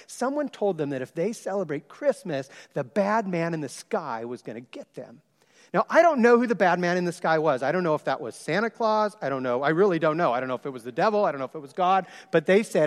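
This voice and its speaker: A man preaching a sermon, telling a story with lively shifts and loud exclaimed quotes. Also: fairly high pitch. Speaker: pastor. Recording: long hall reverb.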